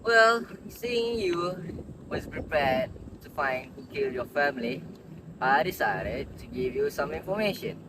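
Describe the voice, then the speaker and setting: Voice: mid-range voice, animated, measured pace, noisy background, close to an everyday voice. A performer voicing a brash, swaggering male gangster who blusters, sneers and swears a lot. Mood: sly. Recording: music clearly underneath.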